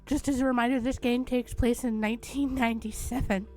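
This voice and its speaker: A woman co-hosting a game stream, chiming in with excited, quick reactions. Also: on the high side, soft background music. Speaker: co-host, streamer. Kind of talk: casual chat over a game.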